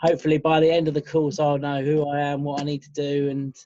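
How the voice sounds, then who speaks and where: A man on a group video call, talking haltingly and hesitantly. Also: fairly high pitch, flat delivery, mellow, no room sound. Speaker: team member on a group call. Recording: dull, dry call audio.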